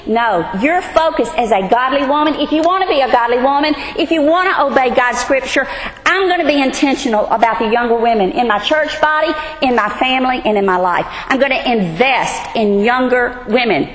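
A woman's voice: high voice, animated, brisk, fairly bright tone. A woman, earnestly teaching a women's Bible study. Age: 60s. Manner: earnest, emphatic, emotional at times. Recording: hall reverb, faint ambience.

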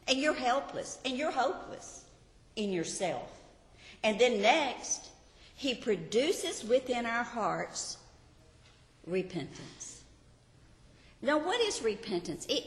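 Bright-voiced woman teaching in an echoey hall. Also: on the high side. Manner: earnest, asks the audience rhetorical questions. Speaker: Bible study teacher. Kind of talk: teaching a Bible lesson. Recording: roomy hall reverb.

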